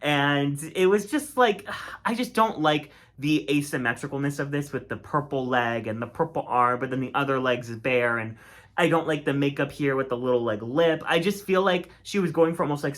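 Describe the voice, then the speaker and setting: A man's voice: on the high side, moderate pace. A man giving a casual, opinionated critique monologue, chatty and full of filler words. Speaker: drag race commentator.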